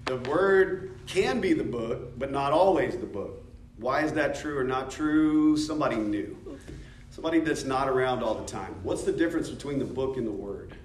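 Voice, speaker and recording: A man's voice: medium pitch, expressive, normal speed, slight background noise. A man with an American accent teaching a church discipleship class in a conversational way, asking the class questions and joking. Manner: conversational, asks the class questions, jokes and laughs. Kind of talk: informal teaching talk. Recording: echoey room from a distance.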